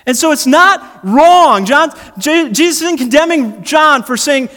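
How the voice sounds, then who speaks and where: A man preaching a sermon in a conversational, animated way. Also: very high voice, unhurried, hardly any pauses. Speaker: pastor. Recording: long hall reverb.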